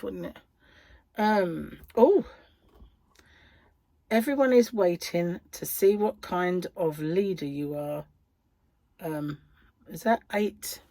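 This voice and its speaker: A woman's voice: lowish voice, a little mellow. A middle-aged woman, chatting casually and rambling as a crochet vlogger, full of giggly asides. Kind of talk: casual chat.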